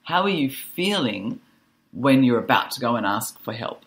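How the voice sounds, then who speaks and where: A woman guest on a podcast talks in an animated, storytelling way and laughs often. Her pitch moves a lot, climbing high when she gets excited. She speaks in a relaxed conversational style. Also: normal speed. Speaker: guest, social worker and author. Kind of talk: conversational interview.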